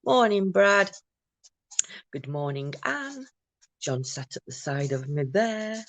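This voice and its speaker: A woman hosting a casual morning livestream from home, chatting and greeting viewers by name, quick to burst into a big loud laugh. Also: fairly low pitch, animated, dry recording. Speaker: livestream host.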